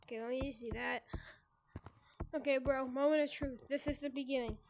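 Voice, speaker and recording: High-voiced woman in soft, rambling game commentary. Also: fairly even intonation, a little fast, dull audio, background noise. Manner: rambling, filler-heavy, soft and half-whispered in the intro. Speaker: gaming YouTuber. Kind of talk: casual gameplay commentary.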